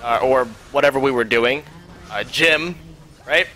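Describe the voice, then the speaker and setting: A man's voice: medium pitch, unhurried, sharp tone. A young man streamer telling a rambling, profane story in casual chat, full of fillers.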